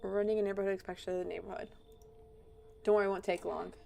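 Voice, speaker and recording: A woman voicing a stern, bureaucratic quarantine inspector in a game, speaking in a flat, brisk, official way. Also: mid-range voice, vocal fry. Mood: curt, official.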